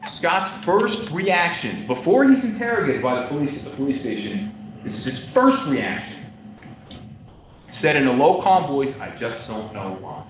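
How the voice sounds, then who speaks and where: A male defense attorney delivering a closing argument to a jury, emphatic and repetitive, swinging between loud stresses and quiet asides. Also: a little high, sing-song, moderate pace. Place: large courtroom. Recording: distant, echoey courtroom audio, dull lo-fi with noise.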